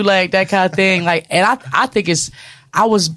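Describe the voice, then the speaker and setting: A woman's voice: mid-range voice, moderate pace, no room sound. A woman guest on a studio podcast, chatting casually, laughing often and acting out what others said. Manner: animated, laughs often, acts out quotes. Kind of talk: casual chat.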